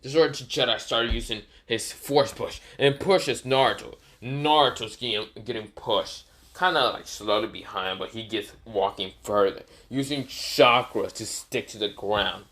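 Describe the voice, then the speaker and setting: A man's voice: medium pitch, measured pace, few pauses, pushed and bright. A man casually narrating an improvised fan story, rambling with many fillers and self-corrections.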